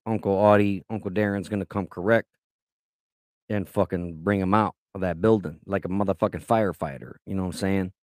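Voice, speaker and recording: A man co-hosting a podcast in casual chat, crude and profane, deliberately provocative. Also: fairly low pitch, a little mellow, no echo, studio quality. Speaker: podcast co-host.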